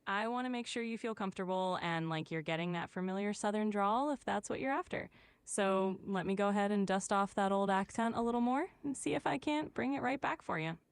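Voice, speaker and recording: A woman's voice: medium pitch, fairly quick, clear, resonant tone, no echo. A woman voicing a polite AI assistant. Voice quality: polite, soothing, evenly friendly. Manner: claims a Southern drawl with pet names. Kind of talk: scripted assistant chat.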